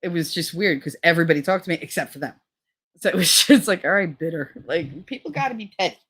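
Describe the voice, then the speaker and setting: Fast and husky, her voice swings widely in pitch as she tells a gossipy vlog story. She swears freely and mimics other people with big pitch jumps.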